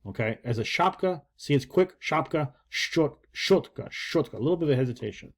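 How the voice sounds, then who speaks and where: A man's voice: mid-range voice, lively intonation, fast. An older man talks through a casual video lesson as a language teacher. He rambles along with folksy jokes and asides, with plenty of fillers between points.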